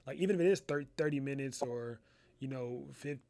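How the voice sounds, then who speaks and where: A man's voice: mid-range voice, fairly quick, darkish tone, no echo. A young man casually hosting a live photography class from his studio, rambling and slangy, calling listeners "bro". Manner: loose, rambling, slangy, says "bro" a lot. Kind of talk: casual live-stream chat.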